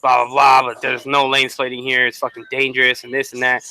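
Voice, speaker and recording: Bright-voiced man swapping biker stories. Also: medium pitch, completely flat delivery, a little fast, rough recording. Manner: blunt, profane storyteller. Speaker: motovlogger co-host. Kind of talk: casual storytelling chat.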